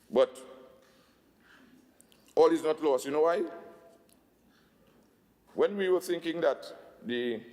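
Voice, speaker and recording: A man with a Tobagonian accent giving a budget speech in a legislative assembly, emphatic, slowing down to stress figures. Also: fairly high pitch, a little mellow, big-room sound. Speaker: assembly secretary.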